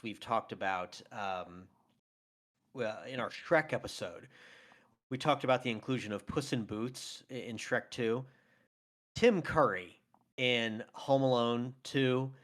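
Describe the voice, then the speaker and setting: His medium-pitched voice slightly bright, this man co-hosts a film podcast, debating movies casually. He's enthusiastic throughout, with frequent laughter and fillers.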